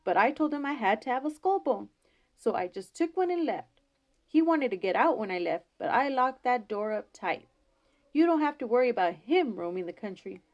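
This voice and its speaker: A woman voicing a fearless young country woman, brisk and matter-of-fact. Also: fairly high pitch, sing-song, dull audio. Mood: unbothered.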